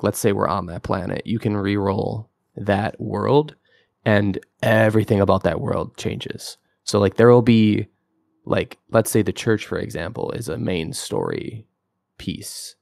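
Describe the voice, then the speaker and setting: A man's voice: lowish voice, creaky, no echo, clean studio sound. A young man co-hosting a podcast, talking through games in a casual, rambling way, full of fillers and enthusiasm. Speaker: podcast co-host. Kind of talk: casual game-review chat.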